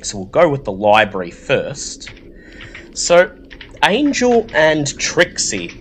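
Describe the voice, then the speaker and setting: Man game master, slow narration, lively pitch. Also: slight background noise. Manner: measured, descriptive narration. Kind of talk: narrating a tabletop horror game.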